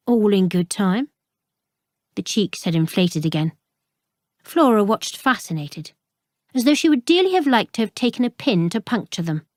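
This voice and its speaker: A woman's voice: mid-range voice, darkish tone, no room sound, clean studio sound. Woman narrating a mystery audiobook. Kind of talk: scripted narration.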